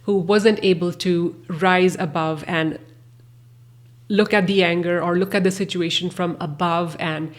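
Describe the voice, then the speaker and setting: A woman hosts a reflective self-help talk, her voice sitting a little low. She speaks gently and earnestly, pausing on soft fillers as she works through her thoughts. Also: fairly even intonation. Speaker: podcast host.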